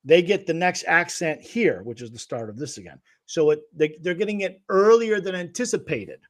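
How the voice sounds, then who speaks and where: A man's voice: a little high, animated, normal speed. A man teaching guitar rhythm on a livestream, patiently explaining and counting beats aloud. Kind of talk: livestream music lesson.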